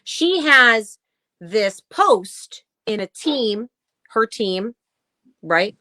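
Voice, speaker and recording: A woman's voice: fairly high pitch, very animated, drawn-out words, bright, forceful tone, no echo. A woman co-hosting a casual talk show, ranting bluntly and swearing as she reads posts aloud. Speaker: podcast co-host. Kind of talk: casual chat.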